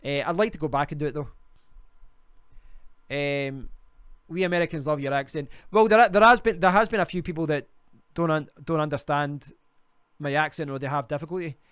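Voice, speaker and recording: A man's voice: on the high side, brisk, pauses often, fairly bright tone, clear, resonant tone, dry recording, clean studio sound. A man with a Glaswegian Scottish accent, hosting a casual live stream and rambling through viewer comments. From Scotland. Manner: rambling, restarts often, chatty. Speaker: livestream host.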